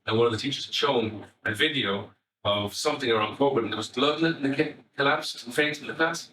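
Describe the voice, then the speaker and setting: An Irish man, a family psychotherapist, giving an animated talk to educators and acting out bits of dialogue as he tells stories. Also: medium pitch, fast. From Ireland. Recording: echoey hall, voice from far off.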